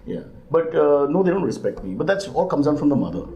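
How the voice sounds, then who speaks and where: A middle-aged man, a comedian guest answering questions with quick deadpan wisecracks and mock exasperation. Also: fairly high pitch, lo-fi sound. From India. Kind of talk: joking live interview banter.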